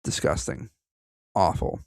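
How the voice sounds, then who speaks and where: A man's voice: takes it slowly, darkish tone, dry recording. A man co-hosting a podcast, reading a story aloud and breaking off for profane, joking asides. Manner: profane, joking asides between read passages. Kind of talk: casual story reading with banter.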